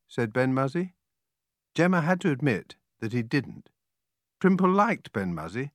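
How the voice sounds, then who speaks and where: A man's voice: mid-range voice, normal speed, no echo. A man narrating a children's story, his voice rising and falling with lots of expression. The recording is close and dry, with no room sound. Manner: animated, expressive reading. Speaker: audiobook reader.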